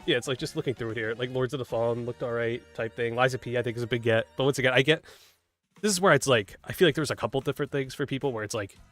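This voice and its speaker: A man's voice: medium pitch, racing, a bit bright, faint music behind. A man casually commenting while playing a game, rambling with lots of fillers, swearing and laughing at his own mistakes. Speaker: gaming streamer.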